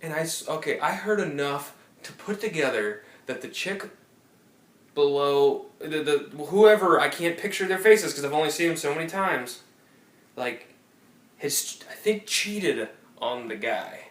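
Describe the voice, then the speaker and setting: A man's voice: on the high side, expressive, a little slow, distant mic. A man co-hosting a casual podcast, telling a rambling, profane anecdote full of restarts, recorded in an apartment room. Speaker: podcast co-host. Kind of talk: casual chat, storytelling. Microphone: phone or tablet recording. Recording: roomy audio from off-mic.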